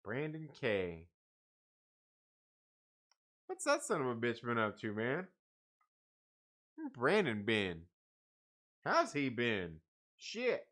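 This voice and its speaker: A man hosting a late-night live stream, rambling through viewer comments with plenty of swearing and laughter. His voice is bright and his pitch swings widely. He sounds tired but keeps chatting. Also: huge pitch swings, takes it slowly, pauses often. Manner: profane, rambling, laughs often. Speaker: livestream host. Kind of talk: casual live chat reading viewer comments.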